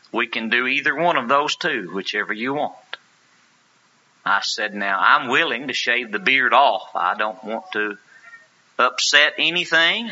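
Animated, bright-voiced preacher. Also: male voice, mid-range voice. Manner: earnest, emphatic rhetorical questions. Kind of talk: sermon with anecdote. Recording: lo-fi sermon recording.

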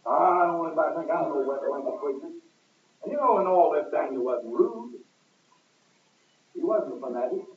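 A man preaching a sermon in a church, pressing his points with sudden loud emphasis and swinging his voice up and down. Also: a little high, lively intonation, a little fast, pauses often, a little hiss or hum. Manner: emphatic, rising and falling with sudden loud stresses. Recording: echoey, distant, tinny lo-fi recording.

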